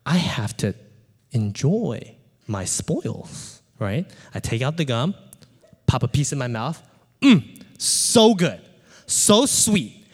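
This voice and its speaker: Lively male preacher in an echoey hall. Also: fairly high pitch. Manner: animated, acts out voices, asks the crowd "right?". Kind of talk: sermon with storytelling.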